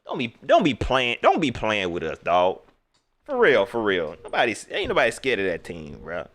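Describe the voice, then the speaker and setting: A man hosting a casual livestream sports talk show, animated and slangy, repeating himself as he talks straight to his viewers. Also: fairly low pitch, normal speed.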